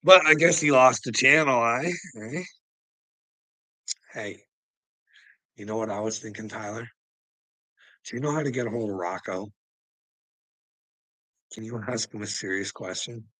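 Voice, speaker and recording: A man's voice: fairly low pitch, a little slow, long pauses, sharp tone, no echo, poor audio. A man rambling on his channel, swearing a lot, laughing through his words and taunting people by name. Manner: laughs constantly while talking, profane and mocking. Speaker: channel host. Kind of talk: rambling livestream rant.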